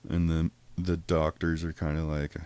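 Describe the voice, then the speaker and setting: A man's voice: rumbling low, monotone, normal speed, darkish tone, clear, resonant tone, no echo. A man telling a long story in casual, profane podcast talk, rambling and acting out what people said in a raised voice. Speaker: podcast host.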